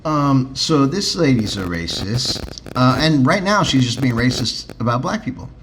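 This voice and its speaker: A man's voice: medium pitch, lively intonation, moderate pace, fairly bright tone, slight background noise. A man co-hosting a podcast in casual chat, joking and sarcastic, swearing freely with lots of ums and uhs. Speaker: podcast co-host.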